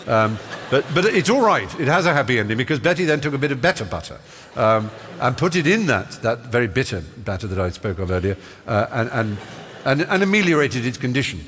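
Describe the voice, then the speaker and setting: A man's voice: mid-range voice, sing-song, a little fast, a bit bright. Articulate man on a theatre stage. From Norfolk, England. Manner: articulate, ornate vocabulary, playful, many fillers and restarts. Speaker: guest. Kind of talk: live on-stage interview, anecdotal. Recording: live theatre hall reverb, faint hiss.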